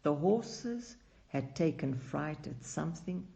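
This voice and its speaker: A man reading a classic short story aloud as an audiobook narrator, unhurried, acting out the dialogue. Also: on the high side, lively intonation, vocal fry, mellow. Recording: dull lo-fi recording.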